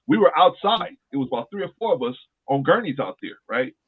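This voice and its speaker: This male podcast host has a fairly high, husky voice with a sing-song lilt, and he talks a little fast. He's recounting a personal story earnestly in casual chat, leaning on repeated phrases for emphasis, and the audio sounds tinny, like a phone line.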